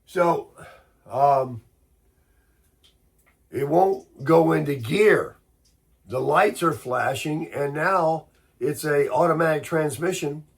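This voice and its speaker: An American man, sick and congested with a hoarse voice, telling a rambling, grumbling story in a casual morning chat. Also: a little high, slow pace, pauses often. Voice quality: husky. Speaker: vlogger.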